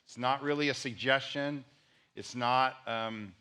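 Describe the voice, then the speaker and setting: A man's voice: medium pitch, steady tone, a little slow, sharp tone, clean tone. A man, a pastor, preaching a conversational sermon and repeating key points for emphasis.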